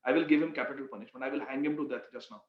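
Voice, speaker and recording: A stern king sits in judgment, asking pointed questions in a grave, commanding tone, as a preacher puts him on. The delivery drops below his usual high storytelling pitch. The sound is roomy and slightly dull. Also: fairly even intonation, very fast, recorded from a distance, close to an everyday voice.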